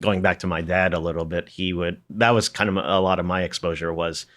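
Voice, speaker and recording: Deep-voiced middle-aged man, rambling. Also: little pitch movement, a little fast, a bit bright. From Philadelphia area, United States. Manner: rambling, many fillers, tags sentences with "there"; chuckles through his stories. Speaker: podcast guest, piano educator. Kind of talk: casual reminiscing conversation.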